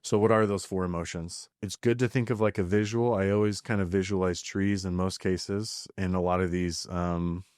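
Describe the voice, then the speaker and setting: Low-pitched guy in his 30s, podcast host, earnest and kinda halting with lots of ums, dry close sound. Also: fairly even intonation, darkish tone, clean tone, no echo. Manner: earnest, halting, with many fillers and restarts. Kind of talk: reflective podcast monologue.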